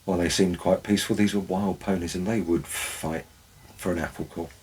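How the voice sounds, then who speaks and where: A man's voice: low-pitched, fairly even intonation, a little fast, a little mellow, breathy edge, poor audio. A man, a former forest warden, tells wry anecdotes in a dry, storytelling way. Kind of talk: storytelling narration.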